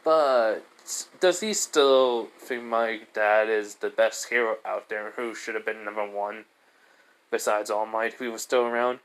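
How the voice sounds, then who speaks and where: A man's voice: fairly low pitch, measured pace, a bit bright, smooth. A man doing an easygoing, teasing dad. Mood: curious. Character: adult man, a calm, teasing father.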